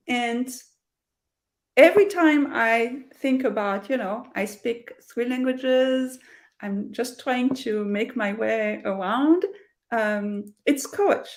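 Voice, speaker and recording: A woman's voice: a little high, slow. A middle-aged woman with a French accent, a career coach speaking earnestly and reflectively in an interview over a video call, with many fillers and restarts. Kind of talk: interview conversation.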